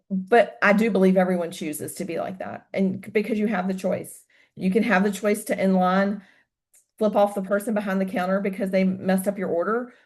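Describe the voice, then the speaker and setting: A woman with a mid-range voice speaks on a casual podcast. She talks candidly and animatedly, tells personal stories, and drops casual swear words without fuss. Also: mid-range voice. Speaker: podcast guest, host's wife.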